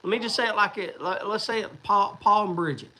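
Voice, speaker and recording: A man's voice: sits high, brisk, pushed and bright, low-quality recording. A man hosting a livestream, talking to viewers in a rambling, chatty way. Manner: rambling, chatty, restarts and fillers. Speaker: livestream host. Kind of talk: casual livestream chat.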